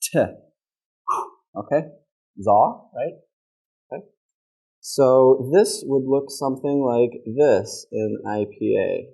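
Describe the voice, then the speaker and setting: A male pronunciation teacher with a Midwestern American accent, speaking unhurriedly in a warm, mellow voice. He models each sound clearly and patiently keeps checking in with his students. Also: medium pitch, animated, slow, low-quality recording. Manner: patient, checks in with "okay?" constantly; demonstrates sounds by modeling words aloud. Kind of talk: classroom lesson.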